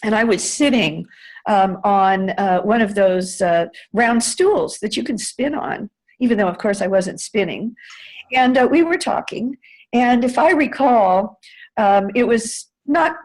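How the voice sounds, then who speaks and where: Older american woman in an interview, rambling story, lots of um and uh, voice neither high nor low. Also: low-quality recording. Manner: rambling, frequent fillers and self-corrections. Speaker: interview guest, former White House staffer. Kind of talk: conversational storytelling.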